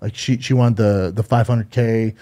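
A man co-hosting a podcast retells a story in loose, casual chat. His tone is warm and mellow. He swears freely and keeps restarting his sentences as he rambles along. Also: lowish voice, steady tone, moderate pace. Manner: rambling, profane, with frequent restarts. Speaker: podcast co-host.

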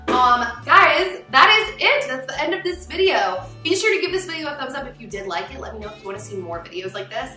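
A woman's voice: medium pitch, bright, forceful tone, reverberant, far from the mic. A young adult woman casually reviewing snacks in a chatty, upbeat vlog, with many "like" fillers. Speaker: vlogger.

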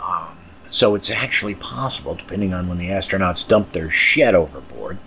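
A man's voice: deep voice, normal speed, sharp tone, slight background noise. A man hosting a podcast, talking in a casual, rambling way with crude language and mumbled asides. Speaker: podcast host.

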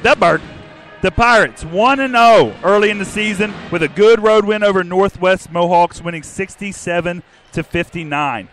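A man's voice: sits high, a bit bright, faint music behind. A man co-hosting a fan sports podcast, running the pregame show with upbeat, announcer-like banter. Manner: upbeat, announcer-like, reads numbers out slowly.

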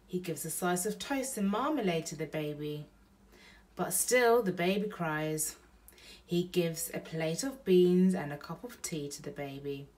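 Mum reading a bedtime story real slow, lowish voice, kinda far from the mic. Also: female voice. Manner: slow, gentle read-aloud pacing. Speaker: parent reading aloud.

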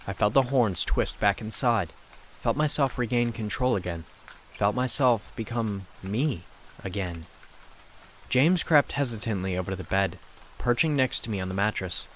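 A man narrating a scary story in a steady, dramatic storytelling manner. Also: on the low side, a little slow, slight background noise. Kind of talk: scripted horror narration.

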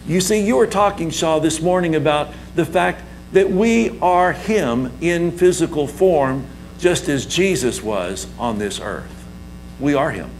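Male pastor, emphatic sermon delivery with call-and-response, slow and swooping in pitch, faint hum on the recording. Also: animated, rough recording.

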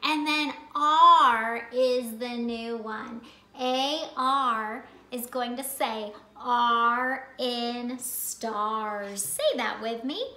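A woman's voice: a little high, drawn-out words, sharp tone. A woman teaching a phonics lesson to young children, sing-song and emphatic, drawing out each sound as she drills it. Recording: echoey room.

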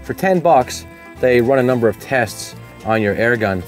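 A man's voice: mid-range voice, lively intonation, moderate pace, faint music behind. A man hosting a product review, talking casually and upbeat as he explains each step of a demonstration outdoors.

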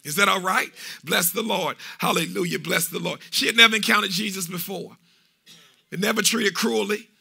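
A man preaching a fiery sermon in a church, half-singing and shouting his phrases and repeating call-and-response refrains. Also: sits high, normal speed, gravelly, breathy edge. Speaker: pastor. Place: church sanctuary.

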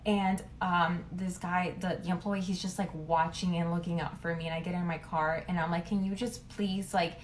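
A woman's voice: on the low side, steady tone, moderate pace, hardly any pauses, a little hiss or hum. A young woman retelling a story casually, chatty and full of fillers. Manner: chatty, lots of "like", dramatic retelling.

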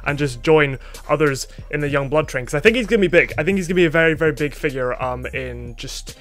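A man's voice: fairly high pitch, quick pace, a bit bright. A young man from Scotland chatting casually as a music reaction host, rambling and self-mocking with plenty of fillers.

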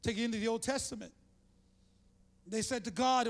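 An older male pastor with a strikingly high voice delivers a fervent sermon. He stumbles and restarts mid-sentence and keeps calling out to the congregation. His voice rings with the long reverb of a big church hall. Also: normal speed. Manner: fervent preaching with congregation call-outs and frequent restarts. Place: church sanctuary.

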